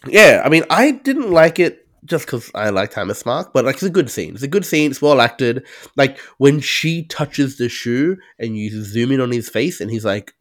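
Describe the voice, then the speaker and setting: A man co-hosting a casual film review podcast, musing aloud and asking questions in a relaxed way. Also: mid-range voice, normal speed. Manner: relaxed, questioning, uses "reckon" and "like". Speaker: podcast co-host.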